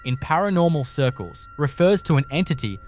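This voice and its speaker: A man giving measured, suspenseful scripted narration for a horror compilation. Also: on the high side, lively intonation, a little mellow, soft background music.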